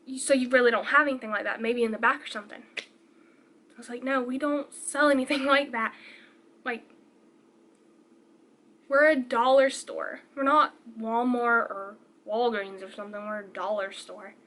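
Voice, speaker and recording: A young woman chatting through a storytime vlog, retelling a scene and acting out the people in it. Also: high voice. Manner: chatty, animated retelling with quoted voices. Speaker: vlogger. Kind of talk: casual storytime.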